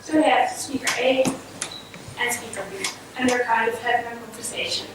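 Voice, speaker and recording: Woman researcher, high voice, explanatory conference talk; distant mic, noisy hall. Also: brisk. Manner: explanatory, steady lecturing. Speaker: child language researcher. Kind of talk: conference presentation.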